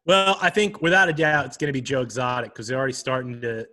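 An easygoing man co-hosting a joking news podcast. His voice is bright and clear. He makes his remarks in a dry, wry way. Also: medium pitch, animated, fast. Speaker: podcast co-host. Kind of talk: casual comedic news chat.

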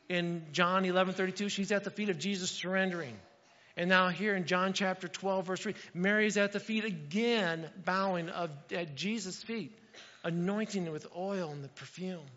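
A male pastor preaching a sermon, animated and talking straight to his congregation, acting out little quotes. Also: high-pitched. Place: church sanctuary. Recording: dull sound with long hall reverb.

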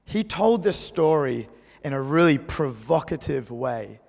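High, gravelly-voiced preacher man in a hall. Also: unhurried. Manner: conversational, animated storytelling preacher. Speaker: pastor. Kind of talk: sermon.

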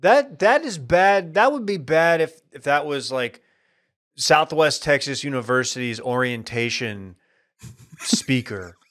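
A man's voice: on the high side, animated, measured pace, a bit bright. A man co-hosting a sports podcast, wry and exasperated. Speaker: podcast co-host. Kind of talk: casual sports podcast chat.

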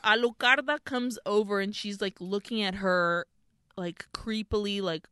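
A woman co-hosting a podcast, recapping a horror film in an animated, profane way with lots of laughter. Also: mid-range voice, a little slow, smooth, no echo. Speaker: podcast co-host. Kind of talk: casual film recap chat.

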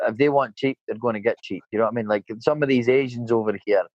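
A man's voice: medium pitch, fast, a little mellow, dry recording, lo-fi sound. Sweary Scottish man from Dundee. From Scotland. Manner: blunt, sweary, full of "mate" and "eh?". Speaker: painter and decorator. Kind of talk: casual chat.

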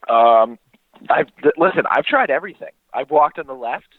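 A man's voice: medium pitch, expressive, normal speed, no echo. A man chatting casually over the phone as the show's correspondent abroad, rambling and joking crudely. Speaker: co-host and foreign correspondent. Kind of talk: casual chat. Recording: tinny phone line.

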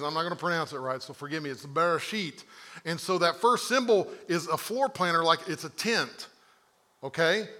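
A man's voice: high voice, bright, forceful tone. A man preaching a sermon to a church congregation in a conversational, rambling way, often checking in with "right?". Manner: conversational, digressive, frequent rhetorical "right?". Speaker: pastor. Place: church sanctuary.

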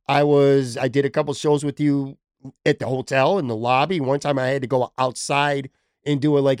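A podcast host chats loosely and candidly, circling back on his points with a bit of swearing. His voice sits a touch high, and the recording is dry and close. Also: darkish tone, no echo. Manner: rambling, self-deprecating, swears casually. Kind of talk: casual chat. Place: temporary attic room.

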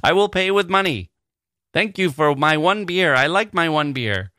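A slow, stilted adult man talking in simple, broken English, every phrase stiff and careful, as a man puts him on. The voice sits noticeably higher than the speaker's own and plods along. The sound is close and dry. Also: lively intonation, pushed and bright, no room sound. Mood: mock-earnest.

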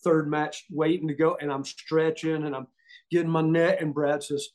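A man's voice: on the high side, normal speed. A middle-aged man with a Southern US accent, telling stories casually and acting out the quotes. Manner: animated, acts out quotes, laughs often. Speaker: podcast guest, former wrestler. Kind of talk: casual storytelling.

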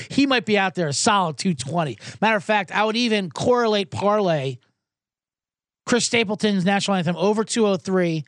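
A man's voice: high-pitched, no echo, studio quality. A man hosting a sports betting livestream, talking casually and profanely, rambling and reading out viewer comments. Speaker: sports betting show host.

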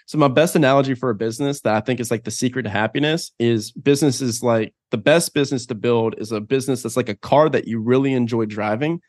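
A man's voice: mid-range voice, quick pace, hardly any pauses, a little mellow, dry recording, clean studio sound. A man speaking as a guest on a podcast interview, talking casually and rambling, with lots of fillers as he thinks aloud.

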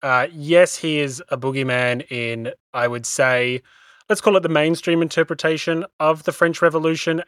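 Man, mid-pitched voice, dry recording, measured, explanatory, history podcast host. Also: a bit bright, dry recording. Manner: measured, explanatory, with small stumbles. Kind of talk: casual history discussion.

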